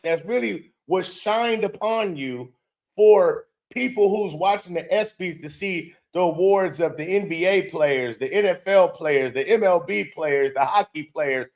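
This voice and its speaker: Slow, mocking male show host. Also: high-pitched. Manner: mocking, incredulous, mimics the speaker. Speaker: show host reacting to a clip. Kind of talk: commentary on a replayed clip.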